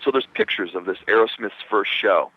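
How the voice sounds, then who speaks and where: In a laid-back radio interview, a Minnesota rock guitarist spins out a lengthy backstage tale, voicing the other characters and cursing casually. His voice is lowish and husky, and he speaks fairly quickly. The studio recording sounds dry and dull.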